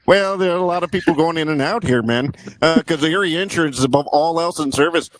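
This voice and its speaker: A man putting on a jumbled mock accent to play a folksy northern-US insurance pitchman in a joke ad read. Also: quick pace, a little hiss or hum, lightly acted, low-quality recording.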